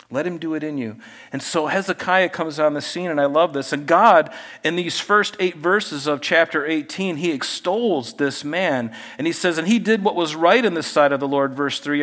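A man's voice: on the high side, fairly bright tone. A middle-aged male pastor preaching a conversational sermon, often asking the congregation questions.

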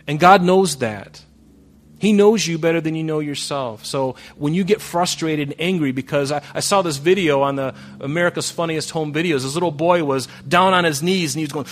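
A man's voice: on the high side, fairly quick, slight background noise. Man preaching a conversational sermon. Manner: conversational preaching, rising to emphatic then dropping soft. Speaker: pastor.

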